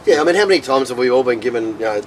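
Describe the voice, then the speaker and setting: A man co-hosting a racing chat, agreeable and quick to laugh along. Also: mid-range voice, animated. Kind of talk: casual chat. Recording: distant mic with faint traffic.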